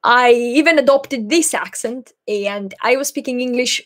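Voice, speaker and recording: A young woman from Greece speaks English, taking her time over each answer. She hosts a live Q&A in a thoughtful, slightly shy way, pausing often on fillers and speaking at an unhurried, slow pace. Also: fairly high pitch. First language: Greek. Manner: hesitant, thoughtful, a little shy, many fillers. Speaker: Greek teacher and channel host.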